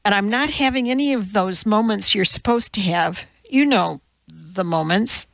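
A woman's voice: normal speed, gravelly, no echo, lo-fi sound, close to an everyday voice. A woman voicing an anxious, self-doubting young mother who talks hesitantly and pleads. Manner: hesitant, pleading, raised pitch.

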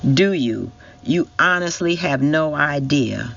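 Male reader doing a defensive woman under pressure, snappish and strained, slow delivery, muffled lo-fi sound. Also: a little high, expressive, vocal fry, exaggerated voice. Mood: snapping. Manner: sharp, snapping.

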